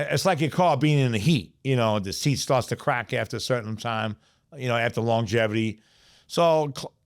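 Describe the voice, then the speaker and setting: A middle-aged man with a New York accent, telling streetwise stories in a casual, profane podcast chat. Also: mid-range voice. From South Bronx, New York. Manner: streetwise, profane, repeats "you know what I'm saying". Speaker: podcast guest storyteller.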